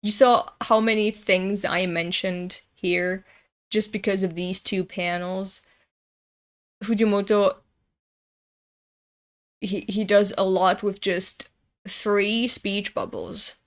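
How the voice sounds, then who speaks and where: Young european woman doing a comic read-along, slow and ranty, swears a lot. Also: mid-range voice, fairly even intonation. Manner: ranting, profane, indignant. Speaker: comic reader. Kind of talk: casual read-along commentary.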